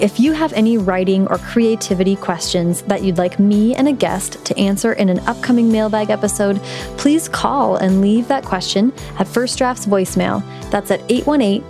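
A woman hosting a podcast about writing, reading the show's announcements and then interviewing her guest in a friendly, chatty way. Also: mid-range voice. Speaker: podcast host. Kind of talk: podcast intro read and interview.

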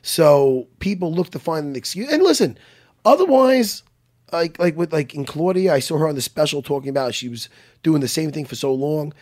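A man, a jiu-jitsu instructor telling profane, animated stories as a podcast guest. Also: fairly high pitch, normal speed. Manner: animated, profane, lively storytelling. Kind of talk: casual chat.

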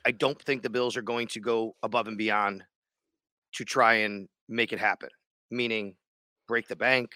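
A man's voice: lowish voice, fairly even intonation, normal speed, sharp tone, dry recording, clean studio sound. A man co-hosting a sports podcast in casual chat, rambling and restarting his sentences. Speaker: radio sports show co-host.

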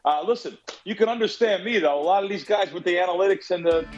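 A man appearing as a guest on a sports betting show, talking plainly with halting restarts. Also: sits high, highs cut off, soft background music. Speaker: guest bettor. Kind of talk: casual radio show chat.

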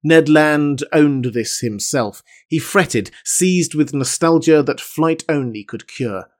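Man with a measured reading voice. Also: a little high. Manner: measured, formal first-person narration. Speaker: narrator. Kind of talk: audiobook reading of a classic novel.

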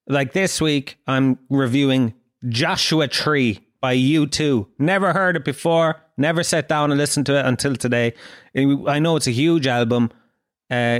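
A man in his thirties with a Dublin Irish accent, ranting and swearing on his own solo podcast, mock-indignant and animated. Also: mid-range voice. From Ireland. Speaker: podcast host. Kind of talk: casual solo podcast rant.

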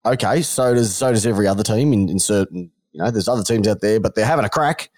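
A man's voice: lowish voice, fast talker. An Australian man co-hosting a podcast, bantering bluntly and mockingly about football. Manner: blunt, mocking, animated ranting. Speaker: podcast co-host. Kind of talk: casual sports banter.

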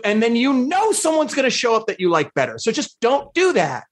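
Brief: a man, middle pitch, lively intonation, blunt and opinionated. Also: brisk. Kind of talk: casual chat.

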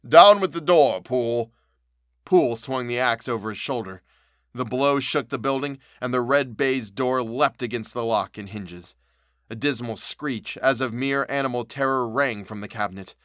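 A man narrating an audiobook of a classic novel, reading in a measured, solemn way. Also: mid-range voice, fairly bright tone, dry recording, studio quality.

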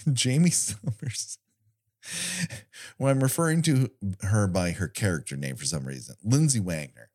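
Snarky guy ranting about an old tv show, lowish voice that swoops all over, swears a lot. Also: very animated, unhurried, darkish tone. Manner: sarcastic, swears, acts out quotes in mock voices. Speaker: podcast co-host recapping a TV episode. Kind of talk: casual comedic chat.

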